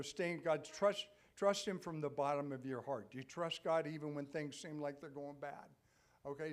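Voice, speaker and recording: Conversational older male pastor preaching. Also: fairly high pitch. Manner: conversational preaching, frequent "okay?" check-ins, rising to loud emphatic peaks. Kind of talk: sermon. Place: church sanctuary.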